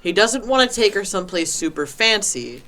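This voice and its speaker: A man's voice: high voice, sing-song, moderate pace, pushed and bright. A man playing a tabletop game, casually explaining what his character wants. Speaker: player.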